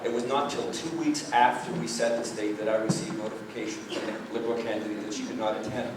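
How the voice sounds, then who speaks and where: A man moderates a candidates' forum in a large hall, speaking to the audience in a lowish, steady voice at a fast clip and cracking jokes and telling anecdotes between the formalities. The recording was made from far off, so it sounds echoey and noisy.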